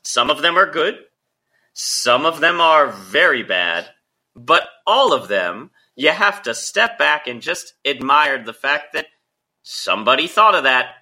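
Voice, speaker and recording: A hoarse man hosts a medical podcast in a wry, playful way. His voice is very bright, and his pitch swings widely as he tells stories. He sounds like a man fighting off a cold. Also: expressive, a little slow. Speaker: podcast host, internal medicine doctor. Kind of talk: casual chat.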